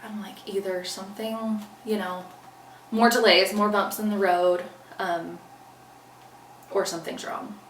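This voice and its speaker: A woman's voice: medium pitch, flat delivery, a little slow. Earnest woman telling her story in a roomy space. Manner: earnest, retells events by acting out her own past lines. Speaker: interview guest. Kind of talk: casual storytelling interview. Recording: roomy, distant mic, faint background noise.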